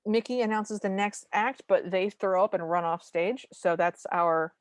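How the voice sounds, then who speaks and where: A woman's voice: mid-range voice, moderate pace, no echo. A woman co-hosting a podcast, casually recapping a movie's plot beat by beat with dry asides. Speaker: podcast co-host.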